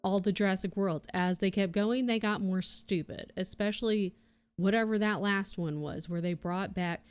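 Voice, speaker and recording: A woman's voice: mid-range voice, normal speed, smooth. A woman streamer chatting casually to her viewers, ranting and swearing freely. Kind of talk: casual livestream chat.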